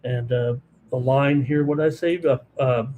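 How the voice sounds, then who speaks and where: Fast-talking male betting show host. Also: mid-range voice, steady tone, phone-quality sound. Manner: fast-talking, many fillers like uh and you know. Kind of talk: live betting analysis, reading chat comments.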